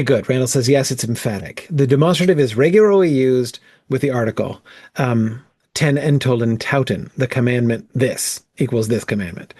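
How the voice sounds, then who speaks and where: A man's voice: mid-range voice, a little mellow, slightly rough, no echo, studio quality. A man leading a casual bible study, thinking aloud with frequent "um" and "right?" as he works through the text.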